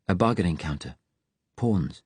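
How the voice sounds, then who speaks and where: A man's voice: sits low, animated, normal speed, darkish tone, husky, no echo, exaggerated voice. A man voicing Natalia, a hard, cold, composed woman resistance agent who speaks in a cool, clipped way, in a storybook audiobook.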